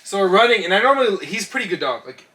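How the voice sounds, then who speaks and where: A man co-hosting a casual comedy podcast, telling stories with lots of swearing and bursts of shouting. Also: high-pitched, very animated, quick pace. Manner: profane storytelling, shouts when acting out scenes. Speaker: podcast co-host.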